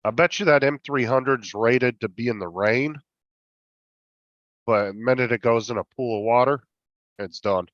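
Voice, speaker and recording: A man's voice: medium pitch, normal speed, pauses often, a bit bright, no room sound. Regular guy chatting on a stream, muffled dry mic, tells stories. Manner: chatty storyteller. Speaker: livestream co-host. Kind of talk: casual chat.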